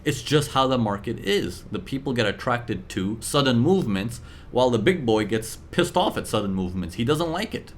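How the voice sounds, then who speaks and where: A man teaching traders in a live class, talking lively and acting out the voices of buyers and sellers. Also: mid-range voice, moderate pace, hardly any pauses, slight background noise. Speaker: trading mentor.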